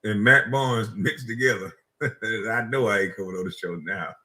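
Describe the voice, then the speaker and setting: A man's voice: fairly low pitch, moderate pace, sharp tone. A man with a Gullah Geechee accent from South Carolina, hosting a heated reaction stream and firing back mocking insults. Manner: mocking, combative, laughs at his own insults. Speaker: streamer host.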